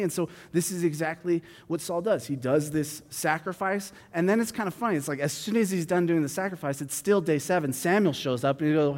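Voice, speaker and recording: A man reads a Bible passage and then explains it in a relaxed, conversational way, thinking aloud with fillers and restarts. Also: on the high side, fairly quick, few pauses. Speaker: Bible teacher. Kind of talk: reading scripture then explaining it casually. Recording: long hall reverb.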